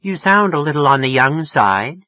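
A man's voice: on the high side, sing-song, moderate pace, no room sound, voice pushed up. A man reading an audiobook, voicing a sleepy, irritable woman woken by a late phone call who turns affectedly friendly. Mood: prim. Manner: snappish, turning affectedly friendly and prim. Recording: muffled lo-fi recording.

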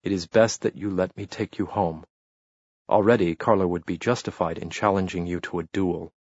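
A man reading the part of a kindly old man who speaks softly and gently. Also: low-pitched, fairly even intonation, normal speed, slightly rough, no room sound, dull audio. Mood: gentle. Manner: soft, gentle. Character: kindly old man, patient and soft-spoken.

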